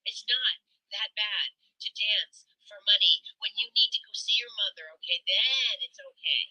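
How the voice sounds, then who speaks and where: A woman's voice: mid-range voice, moderate pace, pushed and bright. A woman leaving a furious voicemail, swearing and mockingly quoting the listener over a tinny phone line. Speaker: voicemail caller. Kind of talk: angry voicemail rant.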